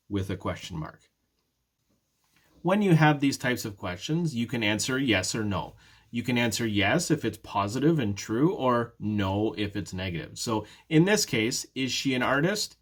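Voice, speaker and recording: A male ESL teacher with a mid-range voice teaches a prerecorded beginner English lesson. He explains patiently step by step, repeating example sentences and modeling question intonation.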